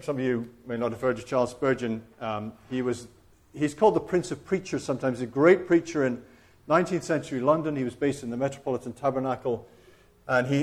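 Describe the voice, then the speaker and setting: A middle-aged man preaching a sermon in an earnest, reflective way, with shifts in loudness for emphasis. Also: mid-range voice.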